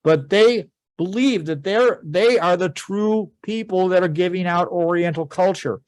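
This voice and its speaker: A man teaching a history class, telling events as a lively story and quoting people in a casual voice. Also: high-pitched, unhurried, dry recording. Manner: animated storytelling, quoting figures in plain conversational voice. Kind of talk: informal history lecture.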